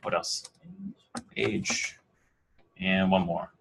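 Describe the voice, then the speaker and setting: Low-voiced American man teaching a class. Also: fairly even intonation, extremely slow, creaky, fairly bright tone, slight background noise. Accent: American English. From New Jersey. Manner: casual, filler-heavy explaining with frequent restarts and questions to students. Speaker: coding bootcamp instructor. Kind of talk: classroom lecture.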